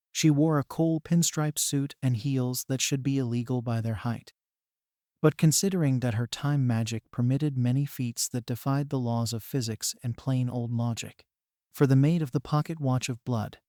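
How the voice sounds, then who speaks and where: A man reading a fan fiction story aloud as narrator, in an even, steady manner. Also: mid-range voice, normal speed, dry recording, clean studio sound.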